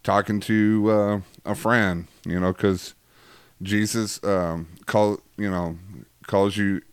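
A man's voice: on the low side, steady tone, slow pace, smooth, dry recording. A man hosting a casual faith chat who talks in a rambling, joking way with many fillers. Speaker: host.

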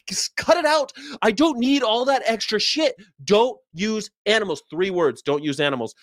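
A man's voice: sits high, no room sound. Brash dry-voiced man ranting. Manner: brash, swearing, joking, repeats slogans. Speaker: host reacting to a video. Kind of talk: blunt reaction commentary.

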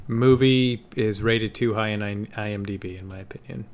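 A man's voice: on the low side, steady tone, moderate pace. A man co-hosting a casual podcast chat, opinionated, laughing easily, swearing and saying like a lot. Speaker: podcast co-host.

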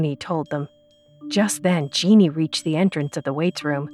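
A woman tells a scripted story in a slow, measured narrator's voice, pitched on the low side. She paces each sentence with care. A soft music bed runs faintly beneath her.

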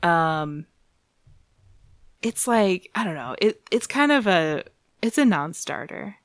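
Woman podcast co-host, low-ish voice, dry close sound, chatty recap full of laughs and swearing. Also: animated, takes it slowly, dry recording. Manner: laughing, profane, joking asides. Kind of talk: casual recap chat.

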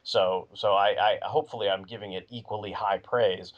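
A man's voice: fairly low pitch, fairly even intonation, moderate pace. A man co-hosting a podcast in casual chat, rambling with lots of "you know" and "like". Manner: rambling, filler-heavy talk. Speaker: podcast co-host. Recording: muffled lo-fi recording.

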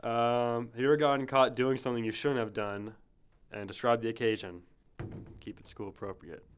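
A young man hosting a casual question-and-answer chat in a smooth, resonant voice. His teasing comes across as deadpan. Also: mid-range voice, fairly quick. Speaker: host asking questions.

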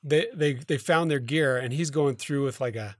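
Halting, filler-heavy man telling a story. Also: medium pitch, dry recording, clean studio sound. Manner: rambling, halting retelling with many fillers and self-corrections. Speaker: podcast co-host. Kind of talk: casual storytelling chat.

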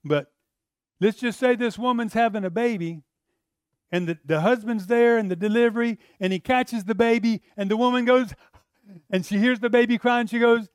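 A man's voice: extremely high pitch, moderate pace, smooth, no room sound, clean studio sound. A middle-aged man, preaching a sermon in a conversational style that rises to emphatic outbursts. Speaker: pastor.

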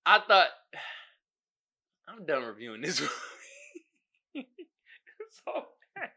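Animated laughing podcast host man. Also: on the high side, takes it slowly, husky. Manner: animated, laughing, exasperated riffing with slang. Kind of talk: casual solo podcast chat.

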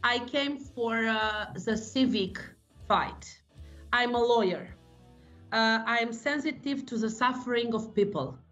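A woman from Romania with a Romanian accent, speaking English as a second language, answers interview questions as a senator in an earnest, halting way full of fillers. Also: on the high side, fairly bright tone, lo-fi sound, soft background music. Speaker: senator guest.

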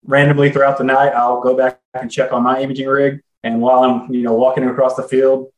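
A man's voice: medium pitch, level tone, fairly quick. A middle-aged man, an interview guest, talking casually and eagerly with lots of "you know". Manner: enthusiastic, folksy, says "you know" often. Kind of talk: casual conversation. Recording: echoey room.

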